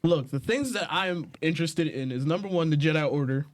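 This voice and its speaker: A man with a somewhat high voice, chatting casually on a show. He argues with eager insistence, pressing his points again and again. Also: brisk. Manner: eager, argumentative, pleading his case. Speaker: podcast co-host. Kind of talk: casual chat.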